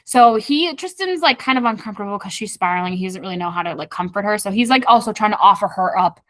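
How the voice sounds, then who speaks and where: A woman's voice: mid-range voice, expressive, fast talker, dry recording. A woman co-hosting a casual book club podcast, animatedly retelling the plot and acting out the characters' lines. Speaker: podcast co-host.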